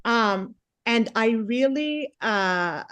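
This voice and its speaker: A woman's voice: on the high side, lively intonation, drawn-out words, fairly bright tone, dry recording. A woman in her forties doing stand-up comedy, telling a rambling self-mocking story and acting out the other people's lines. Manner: chatty, self-mocking, acts out quotes.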